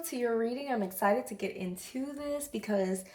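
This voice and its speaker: A woman's voice: on the high side, normal speed. Effusive woman giving a tarot reading. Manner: earnest, effusive, chatty, with soft whispered asides. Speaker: tarot reader. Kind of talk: casual spiritual tarot reading.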